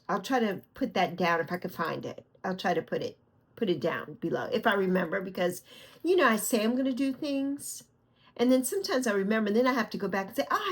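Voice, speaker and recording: Chatty middle-aged New York woman. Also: medium pitch. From the Bronx, New York. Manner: chatty, rambling, affectionate. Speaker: vlog host. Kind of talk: casual chat. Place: lying back on her bed at home.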